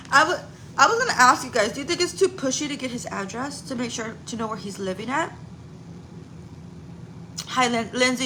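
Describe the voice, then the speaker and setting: Chatty mom on a live stream. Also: female voice, on the high side. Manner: chatty and candid, swears casually, laughs often. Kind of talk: casual live-stream chat. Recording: noticeable background noise.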